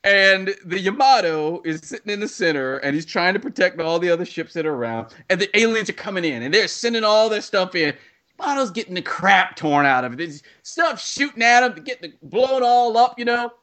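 A man's voice: high-pitched, expressive, a little fast, bright, forceful tone. A man ranting in a casual chat, acting out scenes in quoted voices.

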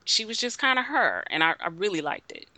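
A man chatting casually about a movie as a podcast co-host, animated and talkative. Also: high-pitched, brisk, no echo. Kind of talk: casual movie review chat.

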